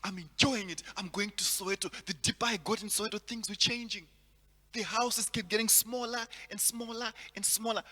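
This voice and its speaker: A man from Zimbabwe doing stand-up comedy, animated, repeating words and laughing at his own jokes. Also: high voice, fairly quick, long reverb tail.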